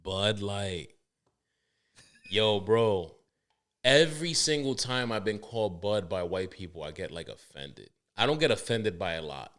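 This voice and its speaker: A man hosting a podcast in casual chat, his voice sitting a bit low. He talks in an animated, profane way and often breaks into laughter. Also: measured pace. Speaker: podcast host.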